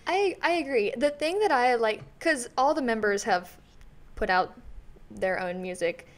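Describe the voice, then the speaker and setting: A woman's voice: on the high side, animated, unhurried. A young woman co-hosting a casual podcast, talking in an enthusiastic, rambling way. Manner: rambling, enthusiastic, many fillers like "like". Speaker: podcast co-host. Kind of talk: casual chat.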